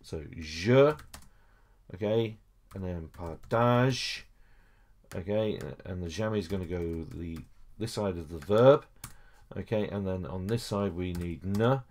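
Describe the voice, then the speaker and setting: Low-voiced man teaching step by step. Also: takes it slowly, a little mellow. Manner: patient, explains step by step with frequent okays and uhs. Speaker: French teacher. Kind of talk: screen-recorded lesson walkthrough.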